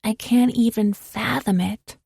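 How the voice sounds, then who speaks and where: Woman doing a fierce protective best friend, low gravelly voice, slow and icy. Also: fairly even intonation, dry recording, studio quality, exaggerated voice. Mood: soothing. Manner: firm, quiet and cold. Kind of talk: audiobook character voice.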